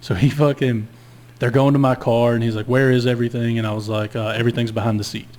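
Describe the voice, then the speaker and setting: A man's voice: mid-range voice, little pitch movement, quick pace, a little mellow. A man telling a long story in casual podcast chat, laid-back and profane. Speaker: guest storyteller.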